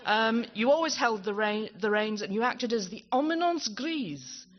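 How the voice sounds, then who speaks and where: A woman's voice: fairly high pitch, expressive, normal speed. A woman presenting at a conference closing ceremony, chatty and self-deprecating, stumbling over her words. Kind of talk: live thank-you speech on stage. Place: conference hall with audience. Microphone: handheld microphone. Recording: dull hall sound with crowd behind.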